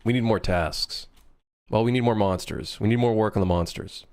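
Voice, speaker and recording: A man developing a game on a live stream, chatting casually, joking and swearing as he thinks out loud. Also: on the low side, moderate pace. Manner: rambling, jokey, swears freely, thinks out loud.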